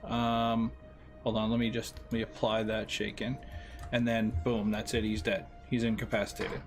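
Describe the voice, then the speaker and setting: A man running a tabletop game as game master, explaining dice rules in a halting way with many restarts. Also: lowish voice, little pitch movement, soft background music. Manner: halting, restarts often while working the tool.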